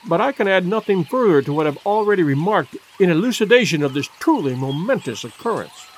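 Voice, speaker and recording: A man voicing an absent-minded elderly professor, soft-spoken, dithering and pompous. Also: high voice, lively intonation, brisk, a little hiss or hum.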